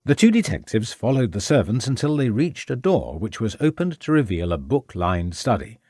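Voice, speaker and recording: Male audiobook narrator, low expressive voice, dead-dry studio sound. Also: normal speed, husky, no echo. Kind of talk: scripted narration.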